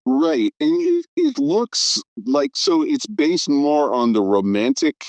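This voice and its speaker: A man's voice: a little high, sing-song, slow, creaky, darkish tone, dry recording. A man in his fifties chatting on a film podcast, eagerly rattling off names and credits with plenty of fillers. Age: 50s. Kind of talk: casual film podcast chat.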